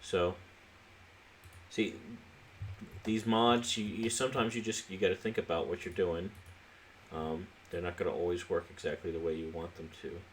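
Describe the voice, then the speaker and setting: Playing a city-building game, a man with a very deep voice narrates in a relaxed, stop-and-start way, musing aloud as he builds. The let's play host sounds drowsy, yawning now and then, while faint background noise lingers in the recording.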